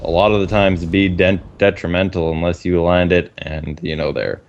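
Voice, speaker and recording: Man, esports co-caster, very low voice, laid-back, analytical, chuckling, headset mic. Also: flat delivery, normal speed, lo-fi sound. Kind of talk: live game commentary.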